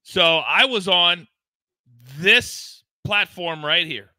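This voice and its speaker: A man's voice: high voice, slow, bright, forceful tone, no echo. A man hosting a live sports betting show, talking in a hyped, teasing, promotional way. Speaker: host.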